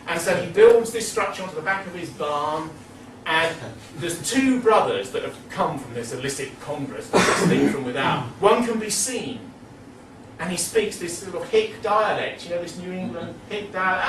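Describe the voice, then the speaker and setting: A man giving a rambling, digressive talk at a meeting, full of asides and chuckles. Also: a little high. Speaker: speaker at a meeting. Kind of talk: lecture-style speech. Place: meeting room. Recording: echoey hall, distant mic, background noise.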